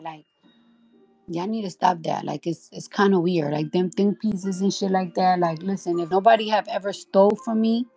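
Woman live-chat host, blunt, swears freely, sleepy, gravelly edge in a mid-range voice, soft music underneath. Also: medium pitch, normal speed, rough recording. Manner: blunt, profane, chatty. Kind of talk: casual live-stream chat. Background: faint baby music.

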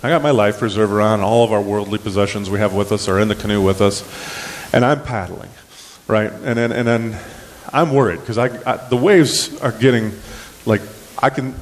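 A man preaching a sermon in a relaxed, folksy, storytelling manner, with plenty of ums and restarts. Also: on the low side, normal speed, in a large hall. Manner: folksy, conversational, many fillers and restarts. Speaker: pastor. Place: church sanctuary.

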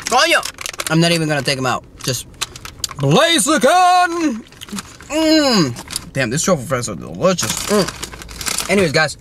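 Male vlogger, casual and animated, fairly high voice, clear noise behind him. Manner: animated, swears and laughs, mixes in Spanish words. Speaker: toy-hunting vlogger. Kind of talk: casual vlog.

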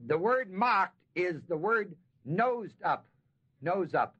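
A man teaching Bible verses in a sermon. He talks emphatically, slows down to stress key words and asks the audience questions. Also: high-pitched, animated, slightly rough. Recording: dull lo-fi 1970s tape recording.

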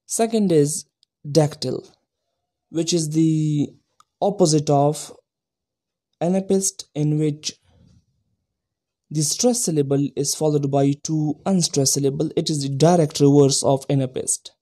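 A man giving a recorded lesson, explaining each point slowly and carefully and repeating the key terms. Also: a little high, steady tone, mellow. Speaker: teacher.

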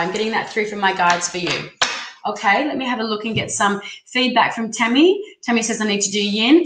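An excitable woman chats her way through a live tarot reading and talks straight to her viewers. Her voice sits a little high, and the recording picks up an echoey room with a faint hiss behind her. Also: normal speed. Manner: bubbly, chatty, excitable, reads out viewer comments. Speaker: tarot reader hosting a live stream.

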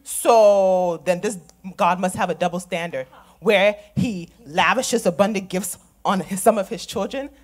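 A woman's voice: medium pitch, a little slow, close to an everyday voice. An actress playing a young woman who is losing her faith and challenging her mother with sarcasm. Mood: bitter. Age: young adult. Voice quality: sarcastic, challenging, scornful laughs. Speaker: stage actor. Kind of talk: stage drama acting.

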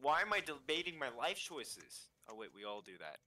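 A young man teases and argues playfully while gaming with a friend. His tone is bright and cutting, at an ordinary pitch. The chat is loose and casual. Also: big pitch swings, normal speed, slight background noise. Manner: teasing, playful, argumentative. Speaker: gaming co-player.

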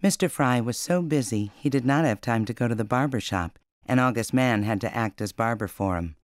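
Man reading a memoir, mid pitch, calm and sincere, dry. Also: brisk, no room sound. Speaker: voice actor reading recollections.

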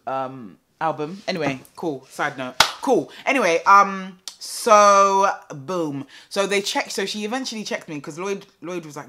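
A young woman telling a story casually to camera, chatty and animated with lots of fillers and repeats. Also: low-pitched, measured pace, a little hiss or hum. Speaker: vlogger.

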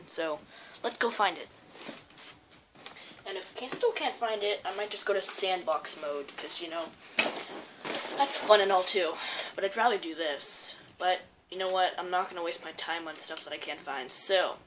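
A woman's voice: lowish voice, normal speed, pauses often, fairly bright tone, a little hiss or hum. A young woman casually commenting while playing a video game, rambling and easily surprised. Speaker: gaming YouTuber. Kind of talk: casual let's-play commentary. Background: game music.

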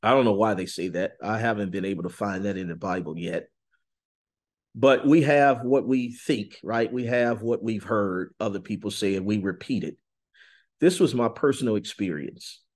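A man giving an earnest, intense testimony in a sit-down interview, slowing on key words and rising suddenly in pitch and volume. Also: darkish tone. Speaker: interview guest.

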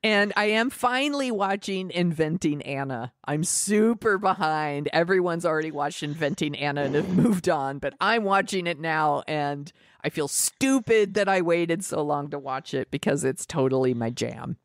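A woman's voice: low voice, animated, moderate pace, few pauses, no room sound, clean studio sound. A woman co-hosting a podcast, chatting casually with giggles and many "like" fillers. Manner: rambling, giggly, filler-heavy recommendations. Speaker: podcast co-host. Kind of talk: casual chat.

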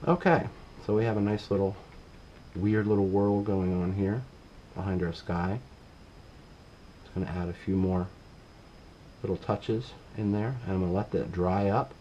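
A middle-aged man giving a casual painting demonstration, relaxed and talking while he works, often trailing off mid-sentence. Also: deep voice, normal speed, long pauses, highs cut off, a little hiss or hum. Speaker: painting instructor.

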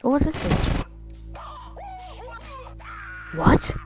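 A woman hosting a playful, excitable let's play, chatting to her viewers as she plays. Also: moderate pace, loud music behind the voice. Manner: playful, excitable, talks to viewers as lads and guys. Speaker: gaming channel host.

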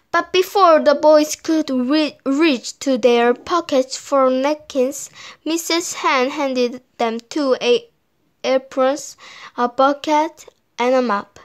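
A woman whose first language is Korean, reading a children's story aloud in a slow, sing-song way. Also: high-pitched.

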